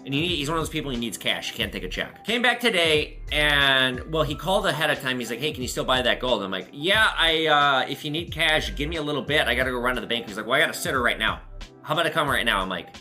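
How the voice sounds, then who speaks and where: A man's voice: mid-range voice, expressive, fast, sharp tone, soft background music. A man who runs a pawn shop, telling viewers a blunt, profane story and giving a lesson in casual talk. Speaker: pawn shop owner and host. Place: his shop.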